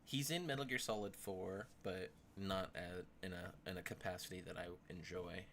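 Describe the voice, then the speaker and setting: A man's voice: deep voice, fairly even intonation, normal speed, a bit bright, slight background noise. A man streaming a casual reaction to a video, rambling and goofy, with jokey outbursts.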